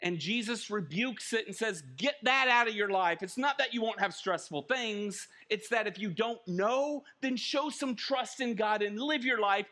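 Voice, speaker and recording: A man preaching a sermon as pastor, animated and acting out little scenes. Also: high-pitched, measured pace, hardly any pauses. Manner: animated, acts out little scenes with shouted voices. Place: church.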